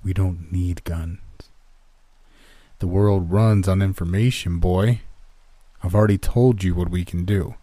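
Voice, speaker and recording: A man voicing a cold, menacing male secret agent who speaks slowly and threateningly in a story reading. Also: sits low, fairly even intonation, warm tone, no echo. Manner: slow, threatening, clipped.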